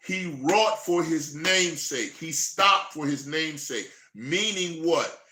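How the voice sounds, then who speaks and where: Fired-up preacher, bright echoey voice. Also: male voice, a little high. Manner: reads verses slowly, then fired-up commentary. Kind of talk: scripture reading and preaching.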